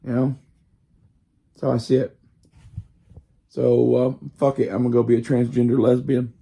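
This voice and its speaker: A man with a gravelly, husky, strained voice rambles in a loose casual monologue. His tone is dark and mellow. He swears freely and fills his talk with fillers as he wanders from point to point. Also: medium pitch, little pitch movement, normal speed. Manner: profane, meandering, full of fillers.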